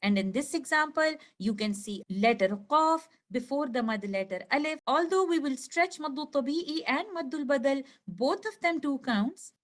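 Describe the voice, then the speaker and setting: High-voiced woman teaching pronunciation. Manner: slow, clear explanation, stretching example words. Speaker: tajweed teacher. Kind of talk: recorded lesson with slides.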